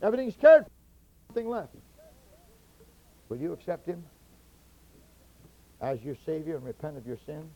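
Fervent high-voiced man preaching. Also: very animated, measured pace, pauses often, a little hiss or hum, low-quality recording. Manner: swings from quiet teaching to loud fervent shouting, stretching key words. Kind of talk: sermon.

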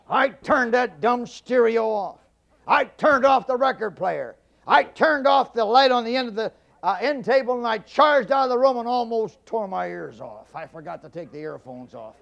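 A middle-aged man giving a humorous storytelling speech, folksy and animated, stammering and repeating himself for effect. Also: sits high, gravelly, lo-fi sound. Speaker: public speaker.

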